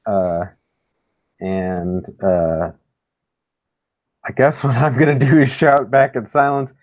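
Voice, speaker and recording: A man in the middle of a tabletop game, his voice plainly pitched. He feels his way through each choice in a tentative, think-aloud way. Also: slow pace, long pauses, a little mellow. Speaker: player. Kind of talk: casual tabletop play.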